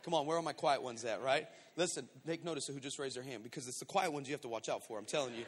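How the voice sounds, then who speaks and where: A man pastor preaching a storytelling sermon, animated and acting out voices, swinging between shouts and hushed asides. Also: medium pitch, quick pace, husky. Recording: long hall reverb.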